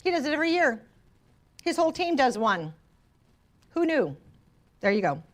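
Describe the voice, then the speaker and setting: A woman's voice: high voice, very animated, normal speed. Playful woman leading a training session. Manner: playful, teasing asides to the class. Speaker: real estate trainer. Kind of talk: workshop presentation. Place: training room with a live audience.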